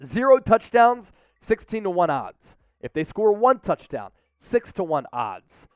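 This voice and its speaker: A man's voice: a little high, very animated, a little slow, a little mellow, clean tone, no echo. A man hosting a sports show, giving upbeat, opinionated commentary and rattling off stats.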